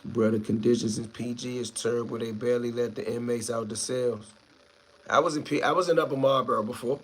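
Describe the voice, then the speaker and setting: Male streamer, easygoing, mid-pitched, chatting with his viewers. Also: steady tone, a little fast. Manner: laid-back, reads viewer comments aloud and answers them. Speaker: live stream host. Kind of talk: casual live stream chat.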